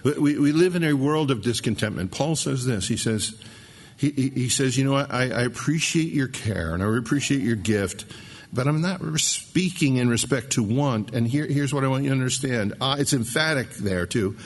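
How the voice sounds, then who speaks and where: A man's voice: medium pitch, lively intonation, normal speed, breathy edge. A middle-aged man preaching a sermon, emphatic, repeating key words and restarting phrases. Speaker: pastor.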